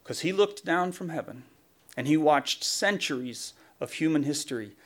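Male pastor, fairly high voice, preaching with emphasis and long cumulative lists. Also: expressive, normal speed. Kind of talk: sermon.

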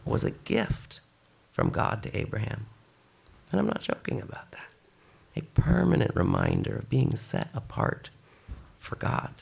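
A man's voice: medium pitch, gravelly, breathy edge. A man preaching a sermon who reads scripture aloud and then urges his listeners on. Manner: expressive, reading scripture then exhorting the congregation.

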